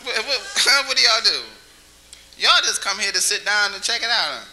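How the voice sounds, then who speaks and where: A man's voice: high voice, expressive, moderate pace, bright, forceful tone, rough recording. A man doing stand-up comedy in a small cafe, chatty and teasing the audience with questions, sometimes breaking into a crooning song. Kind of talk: stand-up comedy with crowd work.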